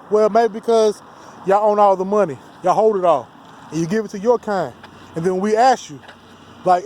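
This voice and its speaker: A man's voice: high-pitched, moderate pace, darkish tone, a little hiss or hum. A man delivering a heated, profane, rambling rant as a solo vlogger. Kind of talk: ranting monologue to camera.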